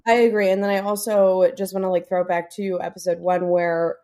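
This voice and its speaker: A woman's voice: lowish voice, little pitch movement, brisk, dark tone. A woman, co-hosting a casual TV recap podcast, chatty and swearing freely, with lots of "like" and "um". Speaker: podcast co-host.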